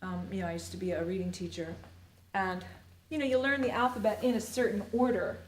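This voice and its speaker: A woman's voice: medium pitch, fairly even intonation, brisk. Chatty middle-aged woman teacher, echoey room. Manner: rambling, playful and chatty, full of "you know" and "like". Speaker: Alexander Technique teacher. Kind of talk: live-streamed workshop teaching. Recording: roomy echo with faint ambient noise.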